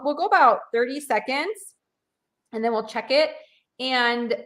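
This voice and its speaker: A woman's voice: fairly high pitch, fairly bright tone. A woman giving a live sewing and craft demonstration, chatting through each step with lots of fillers.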